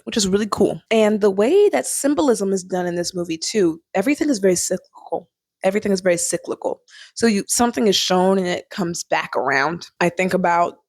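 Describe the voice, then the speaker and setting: A woman's voice: on the low side, dry recording, clean studio sound. Chatty young woman reviewing a film. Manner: chatty, animated, laughs often, sings snippets. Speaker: vlogger. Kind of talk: casual chat, movie review.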